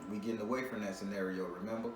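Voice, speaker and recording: A man's voice: on the low side, fairly even intonation, very fast. A man giving a spiritual reading to a client in a casual, joking way, talking bluntly and profanely, laughing often and repeating words as he restarts. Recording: roomy, distant mic with ambient noise.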